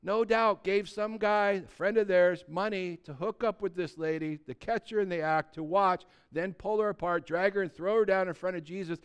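Older male pastor, sermon, high voice, smooth and resonant, animated, loud then hushed, rhetorical questions. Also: moderate pace, hardly any pauses. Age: 60s. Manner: animated, shifts between loud emphasis and hushed quiet; conversational, asks the congregation rhetorical questions.

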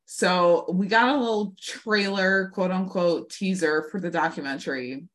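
Chatty gushing woman, lowish voice. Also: unhurried. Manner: gushing, chatty, many "like" fillers. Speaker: podcast co-host. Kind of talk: casual chat recapping a TV episode.

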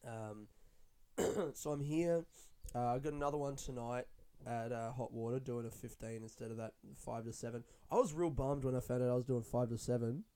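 A young adult man, a stand-up comedian, rambling in a casual, excitable monologue full of swearing. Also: medium pitch, normal speed, smooth. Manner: profane, chatty, excitable.

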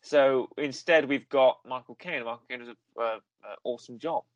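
A man's voice: mid-range voice, moderate pace, no room sound, highs cut off. A man co-hosts a casual film chat, his thoughts wandering through ums and half-started sentences. His voice sits in the middle range for a man. The recording is dry and close. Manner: rambling, lots of ums and restarts. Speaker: podcast co-host.

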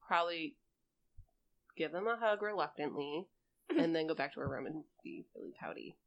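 A woman chatting as a player in a tabletop game, giggly and animated when she tells a story. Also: deep voice, moderate pace, creaky, lo-fi sound. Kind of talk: casual tabletop game chat.

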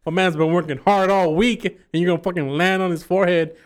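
A man's voice: high-pitched, fairly even intonation, quick pace. Teasing, profane young man. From Mexican-American. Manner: profane, teasing, relishes describing food. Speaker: podcast co-host. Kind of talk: casual chat.

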